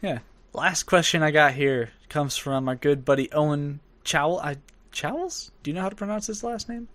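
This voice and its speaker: A man's voice: fairly high pitch, moderate pace, fairly bright tone, no room sound. A young man co-hosting a podcast in casual chat, rambling and laughing often as he talks. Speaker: podcast co-host.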